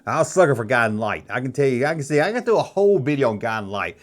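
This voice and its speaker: Male host, fifties, mid-pitched, rambling nostalgic monologue, loose and chatty. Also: big pitch swings, quick pace. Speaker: YouTube host.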